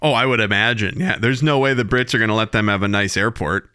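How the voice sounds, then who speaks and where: Bright, crisp-voiced joking man. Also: fairly low pitch, quick pace, no room sound. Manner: joking, profane, deadpan bits. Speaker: podcast co-host. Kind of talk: casual chat.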